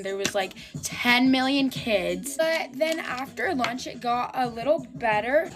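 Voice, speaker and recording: A teenage girl chatting casually into a phone about her school day, filling her talk with "like". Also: on the high side. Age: teens. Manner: chatty, lots of filler "like". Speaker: vlogger. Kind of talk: casual storytime chat. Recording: music playing behind. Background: music.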